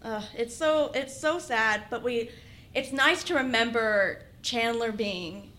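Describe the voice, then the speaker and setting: A young woman co-hosting a casual podcast, chatty and quick to laugh. Her voice sits a bit high. She fills her talk with loose, rambling asides. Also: pushed and bright, slight background noise. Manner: chatty, laughing, lots of fillers. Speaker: podcast co-host.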